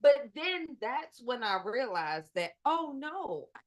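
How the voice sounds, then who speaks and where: A woman telling personal stories in a casual group chat, animated and acting out the people she quotes. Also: high-pitched, takes it slowly. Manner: animated storyteller, acts out quoted voices.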